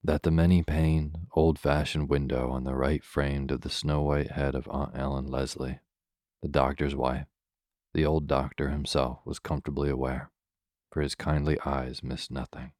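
A man reading a bedtime story aloud in a slow, soothing, measured way. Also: very deep voice, flat delivery, darkish tone, dry recording, clean studio sound.

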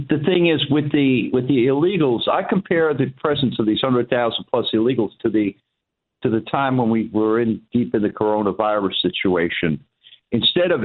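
A man calling a radio talk show, speaking haltingly and repeating words. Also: medium pitch. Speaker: caller. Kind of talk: phone-in chat. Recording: tinny phone line.

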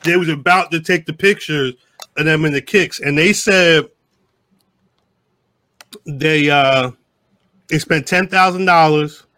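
Bright-toned man rambling on a podcast. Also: on the high side, slow, long pauses, no room sound. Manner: rambling, profane, restarts often. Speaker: podcast co-host. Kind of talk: casual live podcast chat.

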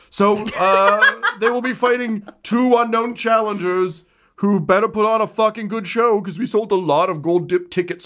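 Guy doing a frantic arena announcer, way higher than his normal voice, loud and hypey. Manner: loud hype announcer patter.

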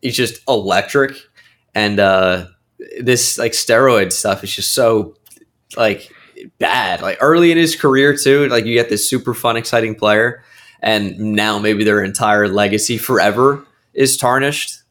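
A man with a fairly low voice on a casual sports podcast. He gushes with enthusiasm and leans heavily on fillers like "like" and "uh". His pitch swings between excited highs and quieter, lower stretches. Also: unhurried.

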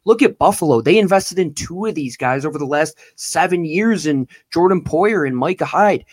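A man's voice: on the high side, lively intonation, moderate pace, no echo. A man co-hosting a sports podcast, talking emphatically and drawing words out for effect. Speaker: podcast co-host.

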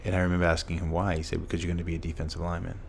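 Brief: middle-aged man, very low voice, earnest storyteller, faint hiss behind. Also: monotone, very fast, vocal fry. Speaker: guest. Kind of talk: storytelling in a podcast interview.

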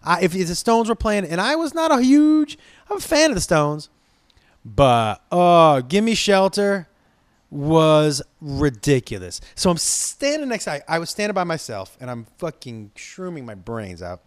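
Brief: rambling, profane male storyteller from Los Angeles, slightly high voice, dry close sound. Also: very animated, measured pace, no room sound. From Los Angeles, USA. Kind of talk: casual storytelling.

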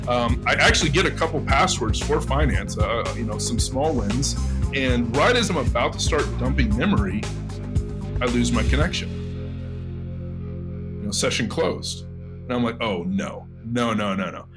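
A man telling a story in a casual interview, animated, swearing, with many stammered restarts. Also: mid-range voice, normal speed, long pauses, over loud music. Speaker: penetration tester, interview guest.

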